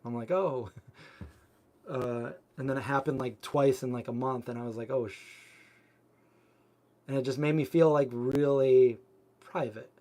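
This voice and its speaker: A man's voice: medium pitch, fairly even intonation, moderate pace, mellow. A man hosting a cooking channel, chatting casually on a live stream and answering viewer comments in a rambling way, full of filler words. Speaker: vegan cooking channel host.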